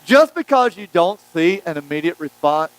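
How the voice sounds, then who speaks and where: Man, preacher, high-pitched, smooth and clear, dry sound. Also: normal speed, no echo, low-quality recording. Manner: animated storytelling, acting out quotes. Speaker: pastor. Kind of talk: sermon.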